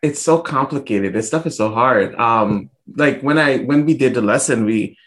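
A man from St. Thomas in the U.S. Virgin Islands, an author talking through his answers in a thoughtful, measured way with pauses and restarts during an interview. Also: mid-range voice, a bit bright. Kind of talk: casual interview conversation.

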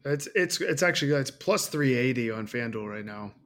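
A man's voice: mid-range voice, expressive, normal speed, a bit bright. A man co-hosting a sports betting podcast in casual, upbeat chat. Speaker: podcast co-host.

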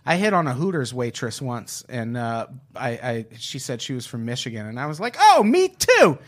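A man's voice: mid-range voice, moderate pace. A man co-hosting a podcast, trading wry, teasing banter in casual chat. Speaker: podcast co-host.

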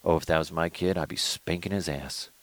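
A man voicing a gossiping, judgmental parent who scoffs at other parents in a hushed mutter. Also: sits low, wildly swooping pitch, measured pace, dry recording, full character voice. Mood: scornful.

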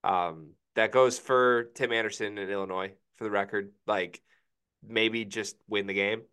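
A man's voice: lowish voice, steady tone, unhurried, pushed and bright, smooth. A young man co-hosting a casual sports podcast, thoughtful and hedging, often saying he isn't sure. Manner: hedging, thoughtful, many "I don't know"s. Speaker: podcast co-host.

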